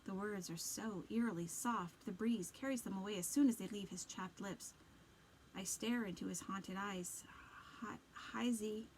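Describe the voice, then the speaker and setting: A woman teacher giving an expressive read-aloud of a children's novel, with dramatic narration. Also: medium pitch, a little hiss or hum, rough recording.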